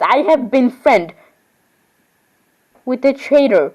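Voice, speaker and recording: A woman with a high voice voices all the dolls in a homemade, improvised role-play. She rambles in a chatty way and breaks into sudden surprised squeals. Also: sing-song, unhurried, pauses often, darkish tone, low-quality recording.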